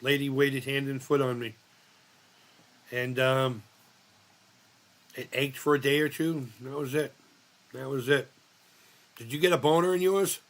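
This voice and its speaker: A man's voice: medium pitch, steady tone, measured pace, pauses often. A middle-aged man, hosting a casual live chat and telling rambling, profane stories while reading chat aloud. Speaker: livestream host.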